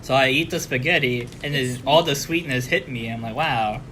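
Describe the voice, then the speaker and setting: A man's voice: mid-range voice, brisk, bright, forceful tone, slight background noise. A man chatting casually with friends over a meal, laid-back and swearing now and then. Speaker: friend at a food tasting. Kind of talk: casual chat. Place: indoors at a table with friends. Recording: music playing underneath.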